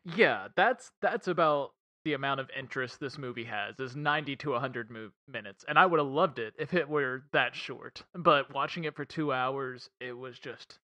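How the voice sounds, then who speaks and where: A man's voice: mid-range voice, moderate pace, hardly any pauses, pushed and bright. A man co-hosting a casual film podcast, rambling, swearing and laughing a lot. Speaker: podcast co-host reviewing a film. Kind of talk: casual chat.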